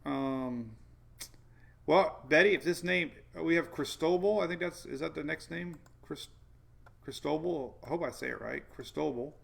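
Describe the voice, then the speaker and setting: A man with a gravelly, creaky voice chats loosely through a weather stream. He rambles, chuckles often and answers viewers by name as he works through the maps. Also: on the high side, normal speed, a bit bright. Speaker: weather show host. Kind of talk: casual livestream weather talk.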